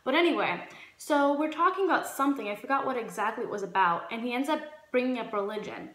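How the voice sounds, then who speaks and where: Young woman doing a story time vlog, kinda high voice, animated, echoey room w faint music. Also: quick pace. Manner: animated storytelling, acts out quotes. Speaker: vlogger.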